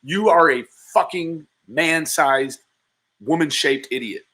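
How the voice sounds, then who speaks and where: A man runs a livestream and heckles a clip, firing off profane insults in a bright, forceful voice. His delivery is mocking and blunt. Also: a little high, takes it slowly, a little hiss or hum. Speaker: livestream commentator. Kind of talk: profane reaction commentary.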